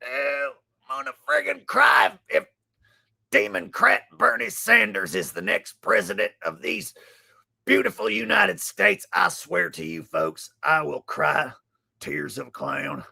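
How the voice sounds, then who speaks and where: A man's voice: on the high side, big pitch swings, measured pace, gravelly, slightly rough, heavily acted. A man doing a bombastic ranting conspiracy broadcaster. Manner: over-the-top shouting rant, sudden swings loud to soft.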